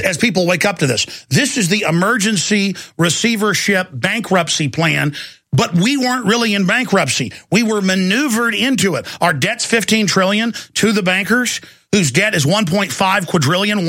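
A man delivers an urgent talk radio monologue in a high, gravelly voice. He talks with tense force and stumbles into restarts and repeated words. The recording is close and dry. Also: moderate pace, sharp tone, no echo. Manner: ranting, urgent, with stammered restarts and repetition.

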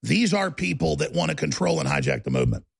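A man hosting a talk radio show, ranting heatedly and swinging between loud outbursts and low asides. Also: big pitch swings, quick pace, creaky, slightly rough.

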